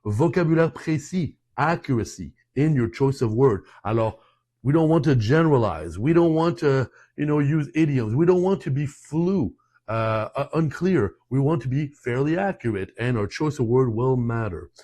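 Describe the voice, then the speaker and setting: A man's voice: medium pitch, animated, moderate pace, mellow. Persuasive man teaching French online. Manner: persuasive, conversational, drops French terms into English; frequent restarts and asides. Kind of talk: online lesson talk.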